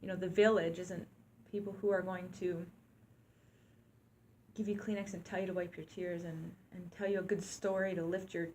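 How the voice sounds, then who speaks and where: A woman's voice: on the low side, flat delivery, normal speed, a little mellow, a little hiss or hum. Reflective, earnest woman co-host. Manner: reflective, earnest, speaks of breath and intention. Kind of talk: reflective conversational chat.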